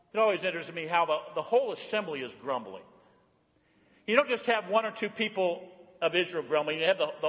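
Guy preaching in a reverby church, pretty high voice, swings from big exclaiming to low quiet stuff. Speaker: pastor. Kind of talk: sermon.

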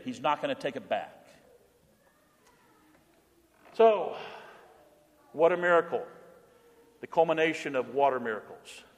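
A middle-aged man preaching a sermon as pastor, emphatic, slowing down for repeated refrains the congregation says back. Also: a little high. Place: church sanctuary. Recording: long church reverb.

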